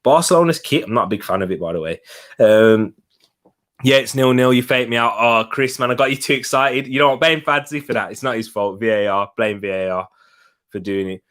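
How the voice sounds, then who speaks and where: Excitable young man with a light Brummie accent. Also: mid-range voice, a little fast. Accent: Birmingham English. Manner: excitable, chatty, reacts to live chat. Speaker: football watch-along streamer. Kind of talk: live casual commentary.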